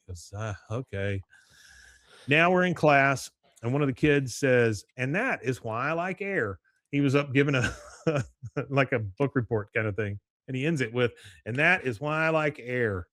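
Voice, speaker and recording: A man hosting a podcast, retelling scenes in a lively chat and jumping into higher voices for the characters' lines. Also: moderate pace, no echo, clean studio sound. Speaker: podcast host recapping an episode. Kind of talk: casual chat.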